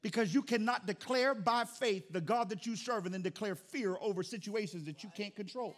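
A middle-aged man preaching a sermon as pastor, with dynamic delivery that swings from quiet to loud. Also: high-pitched, normal speed.

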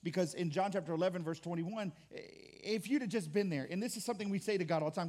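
Pastor, high-pitched male voice, chatty sermon delivery, mocks whiny churchgoers. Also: fast, few pauses, a little mellow. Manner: conversational preaching with repeated restarts; acts out churchgoers' complaints in mock voices.

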